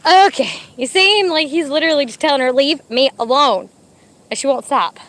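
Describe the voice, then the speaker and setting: A woman's voice: high-pitched, expressive, fast, fairly bright tone. A young pregnant woman, chatting casually to a live stream and giving commands to her dogs, a little out of breath in the heat. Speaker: vlogger with service dogs. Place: outdoor dog park.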